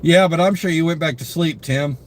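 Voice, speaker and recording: Yawning and tired, this young male streamer chats casually, reading out comments and saying hello to viewers by name, his speech full of fillers. His voice sits a little high and moves a little fast, with slight background noise behind it.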